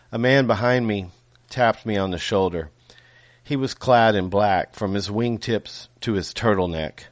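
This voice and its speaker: A man reading his own novel aloud in a measured way, with small self-corrections and casual asides. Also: on the low side, no room sound.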